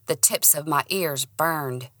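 Woman reading a first person audiobook, expressive, lowish voice but bright and sharp, dry close sound. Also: slow pace, no echo. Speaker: audiobook narrator.

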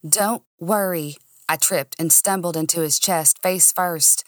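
A woman narrates a mystery serial in a cozy, expressive first-person reading. Her voice sits on the low side and is recorded dry and close. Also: measured pace, no room sound. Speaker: storyteller. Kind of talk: audiobook narration.

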